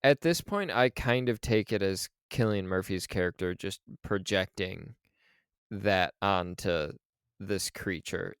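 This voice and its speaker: A man co-hosting a podcast, talking through a film in a loose, casual way. He speaks slowly, with a low-leaning and very clear voice. He drops swear words freely, and the sound is dry and close. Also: no room sound. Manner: relaxed, swears freely, acts out quoted lines. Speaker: podcast co-host.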